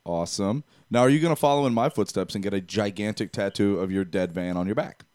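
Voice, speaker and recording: A man's voice: fairly low pitch, fast talker, darkish tone. A man hosting a talk show, bantering casually with crude jokes. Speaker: host. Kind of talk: casual chat.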